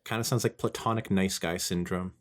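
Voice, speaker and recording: A man co-hosting a podcast, chatting casually in an animated, rambling way. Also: deep voice, brisk. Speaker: podcast co-host. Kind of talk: casual chat.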